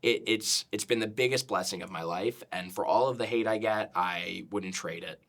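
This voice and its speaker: A young man talks in a loose, chatty interview, full of fillers and quick restarts. His voice sits fairly low but has a bright, forward edge. He stays animated throughout. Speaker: comedian guest. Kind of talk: casual interview talk.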